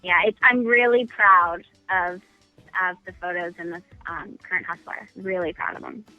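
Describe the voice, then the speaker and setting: A woman's voice: lowish voice, fairly even intonation, moderate pace, no room sound, muffled recording, soft background music. A woman guest chatting casually in a phone-in radio interview, self-deprecating and full of ums. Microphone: phone call.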